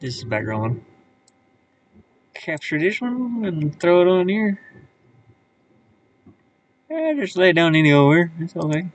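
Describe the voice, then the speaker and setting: A man's voice: sits high, very animated, measured pace, pauses often, a little hiss or hum. A man streaming live, casually talking to himself as he works, muttering and thinking aloud with many fillers. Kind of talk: casual live-stream commentary while working. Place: his van.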